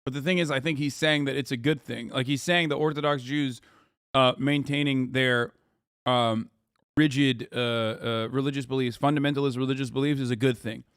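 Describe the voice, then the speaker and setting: A man's voice: medium pitch, steady tone, normal speed, a bit bright, clean tone, dry recording, studio quality. A man streaming, reacting to a clip with blunt, profane, combative commentary. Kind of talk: casual heated commentary.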